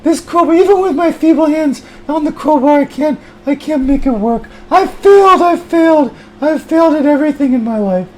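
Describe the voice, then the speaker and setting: A man voicing a shrill, hot-tempered man who screeches curses and insults. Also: normal speed, hardly any pauses, a little mellow, slight background noise. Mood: despairing.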